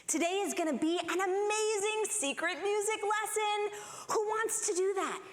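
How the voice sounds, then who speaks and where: A woman voicing a female nursery teacher who coaxes small children in a hushed, sugary way. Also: very high-pitched, normal speed, voice pushed up. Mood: coaxing. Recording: echoey hall with long reverb.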